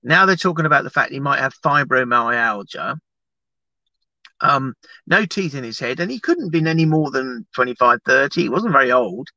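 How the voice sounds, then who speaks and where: Lively man preaching on a livestream. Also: mid-range voice, moderate pace, dry recording, dull audio. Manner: animated, chatty, rambling with restarts. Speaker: evangelist. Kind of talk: livestream teaching and prayer.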